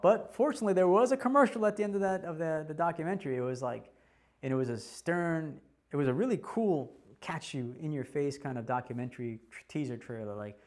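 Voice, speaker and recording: A man in his forties teaching a class by telling his own story, animated and laughing often. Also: fairly high pitch, fast talker. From United States. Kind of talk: personal storytelling talk.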